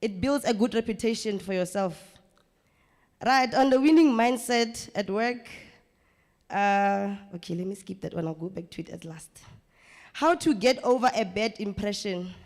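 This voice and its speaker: A woman gives a lively, coaching workshop presentation to a training group. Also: mid-range voice. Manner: lively, coaching, acts out quick scenes. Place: training room. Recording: reverberant training room.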